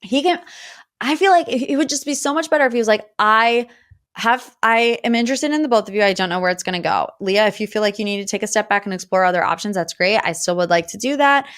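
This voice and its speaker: Young adult woman, podcast host, gossipy recap delivery, mid pitch, does quick voices for quotes. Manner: gossipy, animated, acts out quotes in shifting voices. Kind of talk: chatty pop-culture recap.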